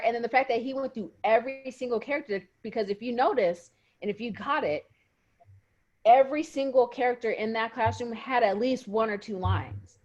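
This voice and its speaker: A woman co-hosting a podcast in casual chat, telling things in an animated, emotional way over a video call. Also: a little high, dull audio. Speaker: podcast co-host.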